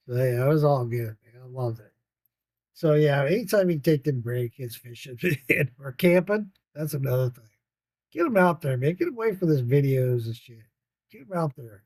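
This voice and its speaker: A man's voice: fairly high pitch, lively intonation, moderate pace, warm tone, no room sound. An older man telling a rambling, profane story about his grandchildren, laughing often. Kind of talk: casual storytelling.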